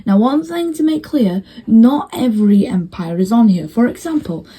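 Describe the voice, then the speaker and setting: A woman's voice: on the high side, animated, normal speed, mellow, breathy edge, poor audio. A woman giving casual, rambling commentary on a game as she watches, hesitant and full of fillers and restarts. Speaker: video host commentating a map simulation.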